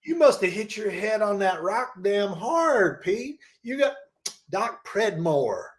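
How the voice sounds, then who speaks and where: A folksy cowboy rambles on in a loose drawl, chiding his friend, as a man acts him out. The voice sits fairly high, in an improvised comedy scene. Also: very animated, slow pace, exaggerated voice.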